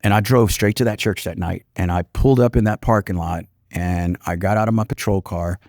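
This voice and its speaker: A man's voice: sits low, fairly quick, darkish tone, no echo, clean studio sound. A man in his fifties, a retired police commander and podcast guest, telling a personal story in an earnest, reflective way with many "you know" fillers.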